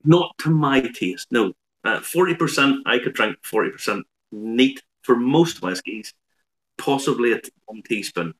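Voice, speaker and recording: A man, a whiskey expert on a live online show, explaining in a measured way with dry humour. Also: medium pitch, expressive, fairly bright tone.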